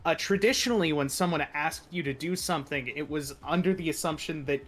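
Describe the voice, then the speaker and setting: A man's voice: fairly high pitch, brisk, a bit bright. A man in a casual voice chat with friends, explaining ideas thoughtfully at length.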